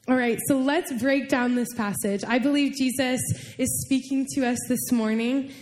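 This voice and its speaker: Young female pastor, high-pitched, lively conversational sermon delivery. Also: normal speed. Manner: animated, chatty, with fillers and laughs.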